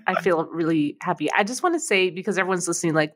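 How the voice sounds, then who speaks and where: A woman co-hosting a podcast, chatting excitedly and laughing often. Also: on the low side, fast, few pauses. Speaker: podcast co-host. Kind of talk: casual podcast chat.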